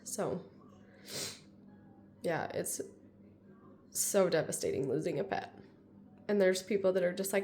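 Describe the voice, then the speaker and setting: A woman in her thirties talks straight to her viewers in a loose, rambling vlog, leaning on "like" again and again. Her voice carries a lot of vocal fry and sounds raw with emotion, close to tears. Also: fairly low pitch, lively intonation, measured pace, pauses often, mellow, slight background noise. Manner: rambling, heavy use of "like", tearful. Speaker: vlogger. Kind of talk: casual personal vlog.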